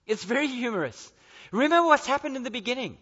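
A male preacher with a high, bright, forceful voice, driving his points home with repetition. His sermon rings with a long hall echo, and the recording is dull and lo-fi. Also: expressive, quick pace, husky. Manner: emphatic, repetitive, building to forceful declarations.

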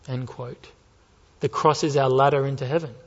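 A male pastor preaching a sermon with impassioned, rising urgency that builds to near-shouts. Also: medium pitch, steady tone, moderate pace. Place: church sanctuary. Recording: muffled with long hall reverb.

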